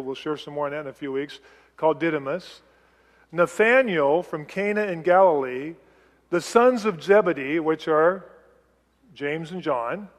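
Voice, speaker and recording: Middle-aged male preacher, conversational and chatty, higher-pitched, long hall reverb. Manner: chatty, acts out quotes, light laughs. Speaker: preacher teaching a Bible passage. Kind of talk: conversational sermon.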